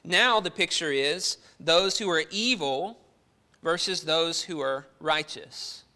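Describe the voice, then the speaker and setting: A man's voice: a little high, slow, sharp tone. A man preaching a sermon to his congregation, earnest and full of rhetorical questions.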